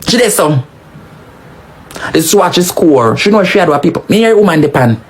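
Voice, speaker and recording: A woman with a Jamaican accent giving animated, scolding patois commentary, swinging her pitch up and down for emphasis. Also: moderate pace, a little hiss or hum. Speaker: social media commentator.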